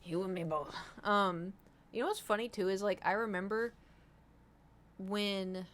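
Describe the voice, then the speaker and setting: A young adult woman streams from home, rambling casually to her viewers and swearing now and then. Her voice is medium in pitch and fairly bright, and she keeps a measured pace.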